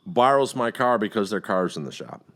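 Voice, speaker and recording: A middle-aged man hosting a casual podcast chat, telling a long story with heavy profanity and animated outbursts. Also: on the low side, normal speed. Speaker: podcast host.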